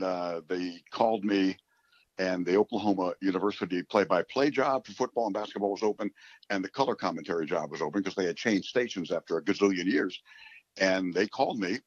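A man in his seventies from New York City, a radio play-by-play announcer, telling rambling, animated stories in a casual interview. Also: low voice, moderate pace, no room sound. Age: 70s. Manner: animated, rambling storyteller who acts out quotes. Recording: dull, dry recording.

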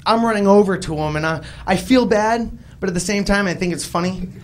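Young Boston stand-up comedian, slightly high-pitched man, animated and self-deprecating, live club mic with faint room noise. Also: fairly quick. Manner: self-deprecating, animated storytelling with voiced quotes.

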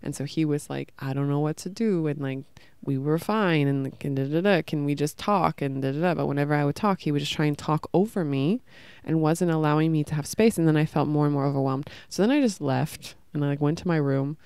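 A woman's voice: sits low, brisk, darkish tone, smooth, no room sound. A woman hosting a podcast, telling an emotional personal story in a rambling way with many fillers. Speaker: podcast host.

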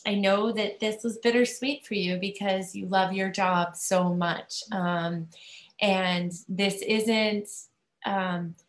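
A woman chairing a video-call meeting, giving a halting, emotional farewell tribute with many pauses. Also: medium pitch, steady tone, reverberant. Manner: halting, many fillers, near tears. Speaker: school committee chair.

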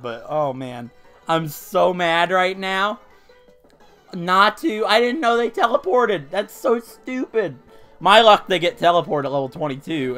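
Guy doing let's play commentary, kinda high voice, jokey, bouncy pitch, faint music behind. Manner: animated, joking, quick to outbursts. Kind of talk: casual gameplay commentary.

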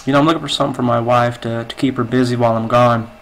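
A man voicing an earnest, halting adult businessman as a customer in a told joke. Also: medium pitch, steady tone, fairly bright tone, natural voice.

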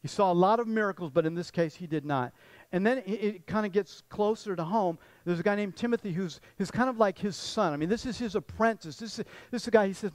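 A man's voice: sits high, quick pace, dry recording, rough recording. A man pastor giving a conversational sermon, often repeating words and restarting sentences.

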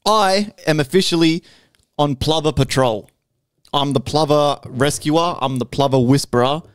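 A young man telling a story on a podcast, animated and full of swearing, checking in with "right?" as he goes. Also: on the high side, unhurried, clean tone, no room sound, studio quality. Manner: animated, swears constantly, keeps adding "right?". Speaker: podcast host. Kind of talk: casual storytelling chat.

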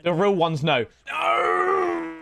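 A young man commentating his own football video game to viewers, sweary and excitable. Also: high-pitched, moderate pace. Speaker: gaming streamer. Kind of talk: live gameplay commentary.

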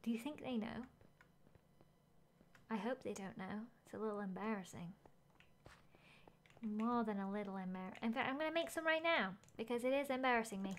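High-voiced chatty woman streamer. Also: moderate pace, pauses often, slight background noise. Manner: chatty, thinks aloud, excitable gasps. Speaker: game streamer. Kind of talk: casual gaming commentary, reading chat aloud.

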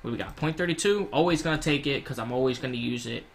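A young man giving casual, rambling gameplay commentary at home, swearing freely and yelling in panic when things go wrong. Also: medium pitch, quick pace, a little hiss or hum. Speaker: gaming YouTuber.

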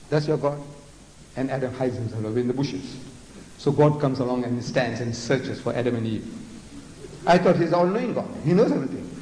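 A man's voice: on the high side, slight background noise. Older South African man mocking in a hall. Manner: mocking, animated storytelling with mimicked voices. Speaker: public speaker. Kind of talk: lecture before an audience. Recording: echoey hall recording.

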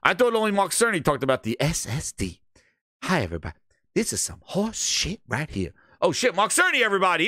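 A man hosting a live gaming reaction stream, loud, excitable and profane. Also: high-pitched, fairly quick, no room sound, clean studio sound. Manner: loud, excitable, profane, laughs at his own jokes. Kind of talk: casual live reaction commentary.

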